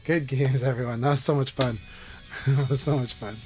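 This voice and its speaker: A man's voice: medium pitch, steady tone, normal speed, over music. A man live-streaming a fighting game, chatting casually and encouragingly with viewers.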